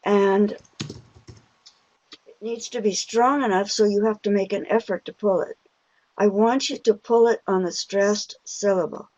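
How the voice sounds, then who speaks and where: A woman's voice: mid-range voice, mellow, dry recording, muffled recording. An older woman giving a pronunciation webinar, patient with her listeners, stretching out stressed vowels as she demonstrates words. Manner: patient and encouraging with the audience. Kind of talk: slow, deliberate lecture.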